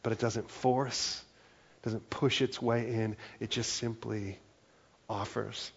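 A man's voice: on the low side, little pitch movement, takes it slowly, creaky, slightly rough, dull audio. A man preaching a sermon, earnest and conversational, often dropping in "like" and "right?" as he talks. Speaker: pastor.

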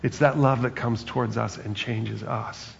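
A man's voice: medium pitch, fairly even intonation, a little slow, creaky, slight background noise. A man preaching a sermon in a conversational, reflective way, often adding "right?" and "like" as he talks. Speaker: pastor. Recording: dull, lo-fi sound with long reverb.

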